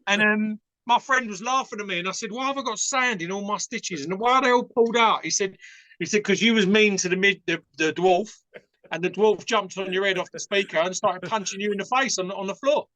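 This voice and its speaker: A man's voice: high-pitched, fairly quick, sharp tone, no room sound, poor audio. A man from England with an Essex accent, a podcast guest telling stories in a rambling, frank way with many fillers. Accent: Essex English. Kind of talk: casual storytelling.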